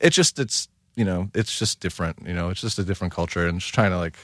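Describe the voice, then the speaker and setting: A man's voice: low voice, fast talker, fairly bright tone, no room sound, clean studio sound. A man, a guest chef, talking in a casual podcast conversation, rambling with many fillers.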